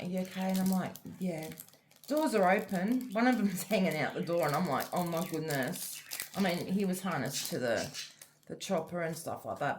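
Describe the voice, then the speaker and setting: Low-voiced Australian woman telling a story. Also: slight background noise. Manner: rambling storytelling with many fillers. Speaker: diamond art vlogger. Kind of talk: casual chat while crafting.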